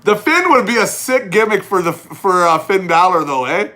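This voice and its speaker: A man's voice: high voice, expressive, moderate pace, bright, forceful tone. A man hosting a casual livestream chat, reading viewer questions aloud and teasing his guest. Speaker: livestream host.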